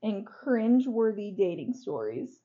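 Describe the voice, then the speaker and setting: A woman's voice: medium pitch, big pitch swings, unhurried. A young woman co-hosting a podcast in casual chat, blunt and teasing, swearing freely. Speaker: podcast co-host. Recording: dull lo-fi sound.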